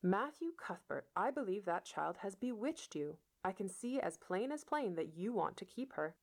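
A woman voicing a stern, sharp-tongued older spinster who speaks in a brisk, scolding way. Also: medium pitch, sing-song, voice pushed up.

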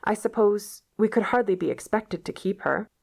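A woman voicing a shy, gentle older male farmer who speaks hesitantly and stammers. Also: medium pitch, animated, normal speed, gravelly, pitched above the performer's own voice.

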